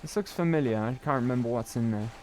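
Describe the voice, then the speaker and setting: A man's voice: medium pitch, fast, a little mellow, slight background noise. A young British man streaming a game, chatting in a rambling way and often tagging on "right?". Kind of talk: casual gaming chat.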